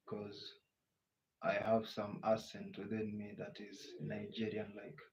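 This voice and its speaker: A man's voice: lowish voice, monotone, slow, darkish tone. A Kenyan man with a Kenyan English accent hosting a casual live Q&A, reading out viewer comments and answering them in a chatty way. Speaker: livestream host. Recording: muffled lo-fi audio with faint background noise.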